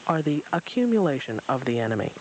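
A man's voice: on the high side, very animated, quick pace, darkish tone, a little hiss or hum, rough recording. A man voicing a pompous male owl who lectures with strained patience. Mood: pedantic.

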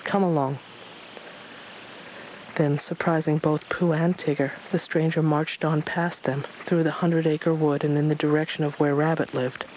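A man narrating a storybook read-aloud in a calm, even way. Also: on the high side, normal speed, hardly any pauses, slight background noise, rough recording.

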